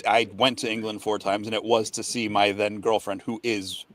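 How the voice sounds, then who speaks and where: A man's voice: on the low side, little pitch movement, normal speed, a bit bright. A man co-hosting a casual podcast chat, rambling and trailing off mid-sentence. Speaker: podcast co-host.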